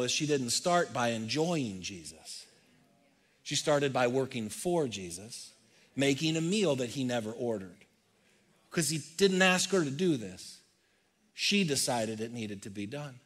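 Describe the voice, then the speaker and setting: Man preaching, swinging from loud to hushed. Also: on the high side. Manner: reads scripture aloud, repeats phrases softly for effect. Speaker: pastor. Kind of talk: sermon. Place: church stage.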